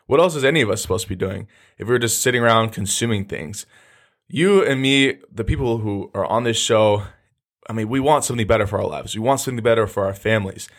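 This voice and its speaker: A man's voice: lowish voice, fast. Blunt, profane young man ranting. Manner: loose, with many restarts. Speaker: podcast host. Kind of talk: casual monologue.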